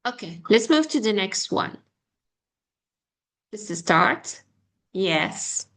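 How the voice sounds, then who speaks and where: A young woman teaching an online English pronunciation lesson. She halts often with fillers and slowly repeats words as models. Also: medium pitch, big pitch swings, gravelly, fairly bright tone.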